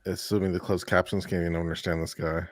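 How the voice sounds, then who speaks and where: A man co-hosts a live stream, chatting casually and wryly. His voice sits a little low. He sounds self-deprecating. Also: little pitch movement, quick pace, no echo, clean studio sound. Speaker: livestream co-host.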